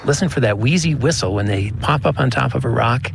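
A man naturalist chatting outdoors on a mountain trail, relaxed and enthusiastic as he points out birds and animals. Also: medium pitch, fairly quick, creaky. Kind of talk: casual outdoor field chat. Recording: wind noise outdoors.

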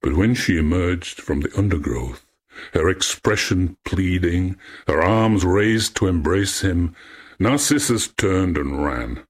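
Slow, deep-voiced man reading a myth. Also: lively intonation. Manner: slow, measured, poetic. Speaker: storyteller.

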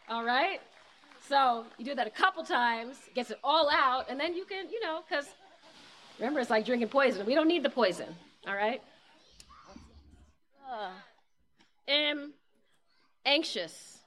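Woman, breathwork instructor, fairly high voice, relaxed chatty coaching, counts out loud. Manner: casual, encouraging, counts aloud. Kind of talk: live guided breathing workshop.

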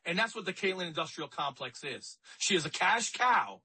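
A man's voice: high voice, animated, moderate pace, pushed and bright, breathy edge, low-quality recording. A man hosting a talk radio show, speaking in a conversational, emphatic way and often repeating himself.

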